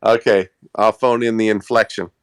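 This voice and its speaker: A man's voice: fairly low pitch, level tone, moderate pace, clear, resonant tone. A man guesting on a podcast, easygoing and self-deprecating in casual chat.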